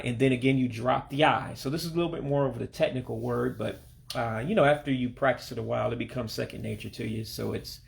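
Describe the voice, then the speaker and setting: A man leads a recorded language lesson, speaking over pictures rather than on camera. His voice has a gravelly, fry-edged texture and sits at an ordinary middle pitch. He goes patiently, repeating each word slowly and with care. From Alabama, United States. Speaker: language teacher. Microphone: voice-over to pictures and on-screen text.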